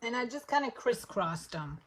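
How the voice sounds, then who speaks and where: A woman's voice: on the high side, sing-song, normal speed, a bit bright, a little hiss or hum. Chatty woman teaching a craft live. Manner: chatty, step-by-step, talks to viewers while working. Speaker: papercraft instructor.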